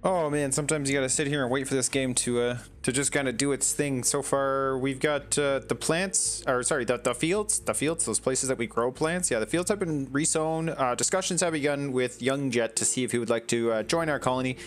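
A man's voice: mid-range voice, fairly quick, few pauses, soft background music. A man casually commenting as he plays a video game, chatting to the characters on screen. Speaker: gaming channel host. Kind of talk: casual let's-play commentary.

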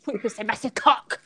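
A woman with a high voice chats her way through a casual live stream from home. She is giggly and chatty and pokes fun at herself as she goes. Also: sharp tone, husky. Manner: chatty, giggly, self-mocking. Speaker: host.

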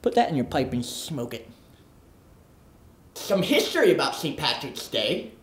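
A performer voicing a boastful oddball man who wants to be a leprechaun, in a comedy sketch monologue, lurching from manic shouts to low mutters. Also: very animated, unhurried. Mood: muttering. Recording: roomy echo.

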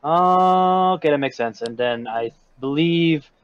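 A man's voice: a little high, a little slow, clean tone, dry recording. A man co-hosting a podcast, chatting loosely and joking while reading comics aloud. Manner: loose, joking, throws in silly voices. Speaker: podcast co-host. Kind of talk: casual comedic chat, reading comics aloud. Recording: dull lo-fi recording.

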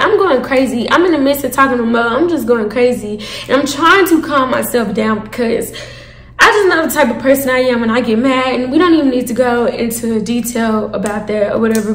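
A young woman telling a storytime to her viewers, animated and profane, calling them y'all. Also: on the high side, echoey room. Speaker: storytime vlogger. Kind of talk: casual storytime.

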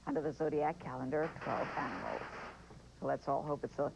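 A woman anchoring a local TV newscast, reading stories in a smooth, measured way. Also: sits low. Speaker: news anchor. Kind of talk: TV news reading. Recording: hissy, dull old TV broadcast.

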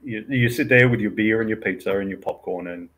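A man's voice: lowish voice, fairly quick, a bit bright, low-quality recording. A man co-hosting a casual movie chat, telling the story with incredulous laughter.

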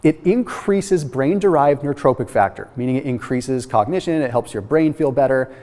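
A man hosting a nutrition science explainer, talking in an energetic, emphatic way and often checking in with "okay?". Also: medium pitch, moderate pace. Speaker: host. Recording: reverberant room with long echo.

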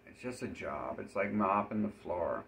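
A man's voice: deep voice, animated, normal speed, gravelly, fairly bright tone, a little hiss or hum. A man speaking in a rambling, profane, run-on monologue.

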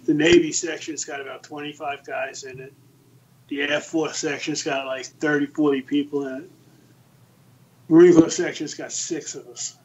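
A man in his sixties, a podcast guest, telling lively anecdotes in a casual storytelling style. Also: a little high, normal speed, lo-fi sound, slight background noise. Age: 60s. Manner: lively anecdotes, acts out the quoted voices.

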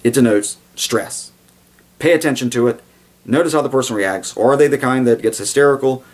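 A man's voice: mid-range voice, moderate pace. A man giving a blunt, digressive video commentary, with sarcastic asides and sudden mock voices for the people he quotes. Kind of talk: casual commentary monologue.

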